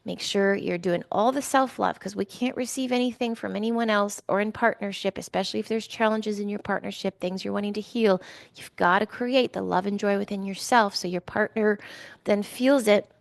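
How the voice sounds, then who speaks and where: A woman's voice: mid-range voice, fairly even intonation, moderate pace, vocal fry, no room sound, studio quality. A middle-aged woman giving a weekly card reading, talking in a chatty, emotional way with many fillers and restarts. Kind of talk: casual spiritual talk.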